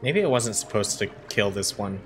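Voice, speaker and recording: A man's voice: on the low side, expressive, moderate pace. Man rambling over game music. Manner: rambling, reacts loudly to surprises. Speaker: streamer. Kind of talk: casual gameplay commentary.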